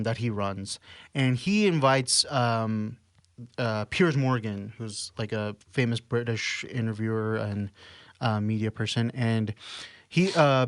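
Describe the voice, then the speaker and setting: A man's voice: medium pitch, fairly bright tone, no echo. Rambling young man, dry close mic. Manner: rambling, many fillers. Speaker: podcast co-host. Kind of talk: casual chat.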